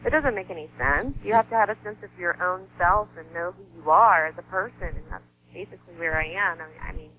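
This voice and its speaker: A woman's voice: lowish voice, fast talker, phone-quality sound. A woman in her thirties, a model and actress guesting on an interview show, talking earnestly and from the heart. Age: 30s. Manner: earnest and heartfelt, laughs easily, voice softens when grieving. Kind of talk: emotional personal interview talk.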